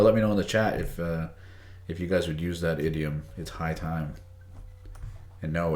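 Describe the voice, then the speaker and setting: A man teaching English idioms on a live stream, chatty, greeting viewers by name and reading the chat aloud. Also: rumbling low. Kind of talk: casual live-stream lesson. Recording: echoey room.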